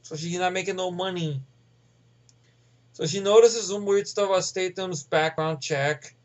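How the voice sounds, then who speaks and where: Male movie ranter: high voice, rambling and profane, slightly muffled audio. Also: a little slow. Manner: rambling, profane, many fillers. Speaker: movie reviewer. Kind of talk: casual movie rant.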